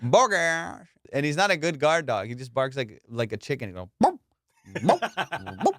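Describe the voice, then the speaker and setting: A man's voice: medium pitch, a little fast, a bit bright, dry recording. A male comedian hosting a podcast, rambling and swearing in casual comedic banter, slipping into silly voices.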